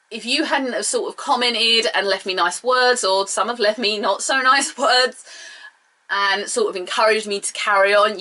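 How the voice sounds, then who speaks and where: Chatty young woman rambling through a review, bright clear voice. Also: mid-range voice. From England. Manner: chatty, opinionated, rambling asides. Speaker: video reviewer. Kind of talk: casual vlog review.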